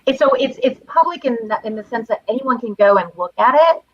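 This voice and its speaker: A woman's voice: a little high, brisk, lo-fi sound, crowd noise. A woman guest in casual chat who tells stories with energy and acts out what people said. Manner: lively storyteller, acts out quotes. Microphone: video call.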